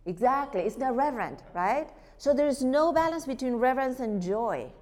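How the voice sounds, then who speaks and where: A woman teaching a church group about worship music, lively, asking rhetorical questions. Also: sits high, normal speed. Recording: long hall reverb.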